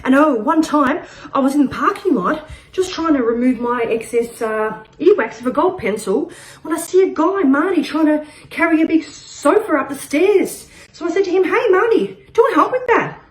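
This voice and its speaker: A woman giving a comic spoken-word performance, rambling through an absurd story with frequent laughs, loud shouts and quiet muttered asides. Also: high voice, expressive, moderate pace. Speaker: open-mic performer.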